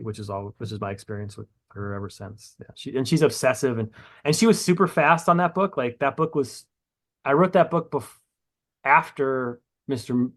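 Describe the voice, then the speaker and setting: Fast-talking profane rambling man. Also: medium pitch. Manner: rambling, profane, self-mocking, restarts often. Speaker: comic book writer guest. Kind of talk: casual podcast interview.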